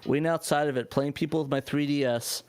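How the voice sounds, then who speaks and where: A man co-hosting a live chat show, with a smooth, resonant voice. The sound is dry and close, with no room around it. He talks in an animated, filler-heavy way, stacking up "like"s. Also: a little high, fast talker, dry recording. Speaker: show co-host.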